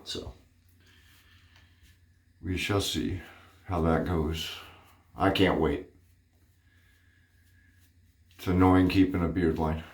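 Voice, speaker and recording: Male vlogger, low voice, chatty and rambling, slightly winded, roomy echo. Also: steady tone, takes it slowly, long pauses, a little mellow. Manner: rambling, chatty, many fillers. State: out of breath. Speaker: wet shaving vlogger. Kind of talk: casual shaving vlog.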